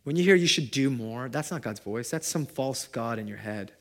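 Man preaching, swinging loud to hushed. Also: medium pitch, normal speed. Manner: animated, shifts from loud to hushed. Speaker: pastor. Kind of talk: sermon. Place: church gathering.

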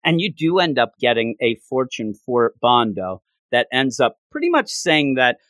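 A man's voice: mid-range voice, big pitch swings, normal speed, fairly bright tone, no room sound. A man co-hosting a casual podcast, animatedly retelling a manga chapter and acting out the characters' lines. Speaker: podcast co-host.

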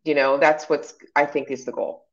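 A low-pitched woman talks in relaxed, encouraging chat, full of fillers and asides as she coaches her co-host. The sound is a little dull and lo-fi. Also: normal speed. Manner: chatty, encouraging, many fillers. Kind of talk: casual chat.

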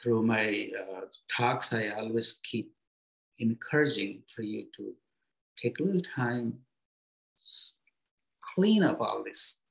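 A man giving a spiritual talk to his students as their teacher, speaking gently in short, unhurried phrases with pauses and simple everyday comparisons. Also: on the low side, gravelly, low-quality recording.

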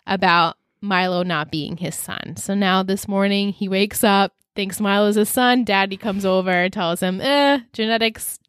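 Woman podcast co-host, animated casual recapper who laughs and swears, dry close sound. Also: mid-range voice, measured pace, hardly any pauses, clear, resonant tone, dry recording. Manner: lively storyteller, swears freely, laughs often.

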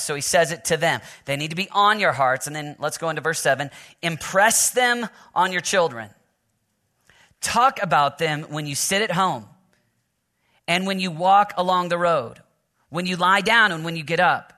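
A man's voice: a little high, moderate pace, bright, forceful tone. A man from Oklahoma preaching a sermon at a men's conference, moving from joking stories to earnest prayer and scripture reading. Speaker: pastor.

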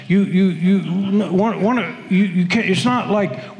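A man with a high, bright-sitting voice delivers a Sunday sermon. He talks emphatically, restarting phrases and hammering words through repetition. The sound carries the long, echoing reverb of a church sanctuary. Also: slow pace, hardly any pauses. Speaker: pastor.

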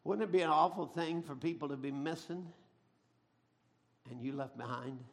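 A middle-aged man preaching a sermon, telling stories dramatically and swinging from a hush to a shout. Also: a little high, moderate pace, creaky. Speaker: pastor.

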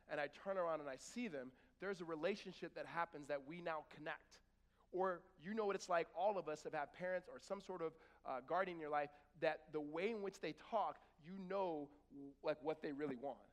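Preaching in church, this middle-aged man has a fairly high voice that rings out with a long reverb tail. The pastor keeps things conversational, bringing his stories to life by performing short scenes with acted-out voices.

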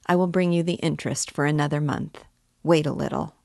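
A woman's voice: low voice, steady tone, brisk, creaky, a little mellow, dry recording, clean studio sound. A woman reading a novel aloud, voicing a poor, troubled young man who is tense and secretive, muttering his thoughts.

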